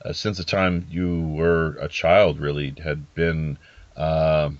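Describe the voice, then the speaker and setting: A man's voice: rumbling low, little pitch movement, slow pace, dry recording, dull audio. A man hosting a podcast interview, talking casually in a rambling, hesitant way with many fillers and restarts. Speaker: podcast host.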